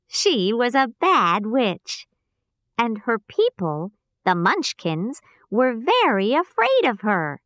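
A woman voicing a kind little old female good witch, speaking gently and reassuringly. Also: on the high side, huge pitch swings, slow, dry recording, heavily acted. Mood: kindly.

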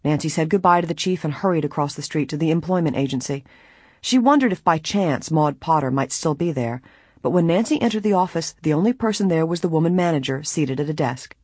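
An audiobook narrator reading a mystery novel at a steady, even pace. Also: medium pitch, fairly quick, husky, dry recording, studio quality.

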